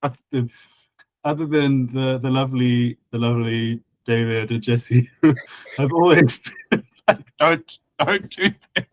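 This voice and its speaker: A man talks slowly and patiently through a linguistics point, pausing often with ums and uhs. His voice is mid-pitched and recorded dry and close. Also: steady tone, no echo, poor audio. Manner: halting, many fillers, explains patiently. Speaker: conlang creator guest and co-host. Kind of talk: casual podcast chat about linguistics.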